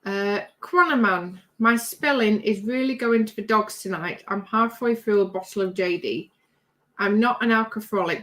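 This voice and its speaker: A woman's voice: medium pitch, moderate pace, a bit bright. A British woman hosting a casual livestream at her home craft bench, reading out viewer comments in a chatty, rambling way with easy laughter. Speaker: livestream host.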